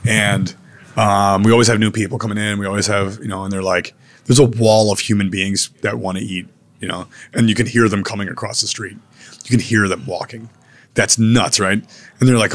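Male chef in casual interview: low voice, easygoing but blunt, slangy. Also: steady tone, brisk. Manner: laid-back, blunt, peppered with "man" and "dude", occasional swearing. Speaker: chef and restaurateur.

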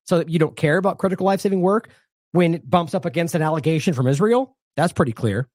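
A man's voice: a little high, fast, a little mellow, no room sound. A man hosting an independent news show, delivering indignant, sarcastic commentary with heavy emphasis.

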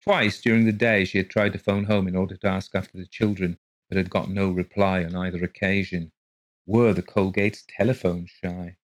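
Low-voiced man reading a ghost story. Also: no room sound. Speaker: narrator. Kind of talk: audiobook narration of a ghost story.

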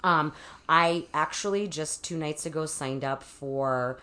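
Brief: woman in her forties, lowish voice, candid podcast guest, "like" everywhere. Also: unhurried, pushed and bright. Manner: frank, heavy use of "like", acts out quoted voices. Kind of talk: candid interview conversation.

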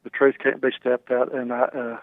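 A man's voice: medium pitch, level tone, moderate pace, dry recording. A man calling in to a talk show, speaking plainly and folksy in a casual phone chat. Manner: folksy, plain-spoken grammar. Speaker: caller. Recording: tinny phone line.

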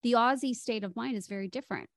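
A woman's voice: fairly high pitch, fast, gravelly, dry recording, clean studio sound. A middle-aged woman with an American accent, explaining speech patterns as a voice coach in an interview. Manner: explanatory, demonstrates speech melody with her voice. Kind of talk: podcast interview guest.

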